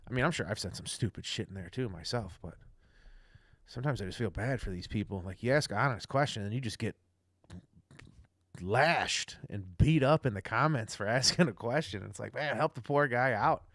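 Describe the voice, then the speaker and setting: A man's voice: medium pitch, moderate pace, a bit bright, no echo. A young man rambling casually through a livestream rant, loose, chatty and profane. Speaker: livestream host.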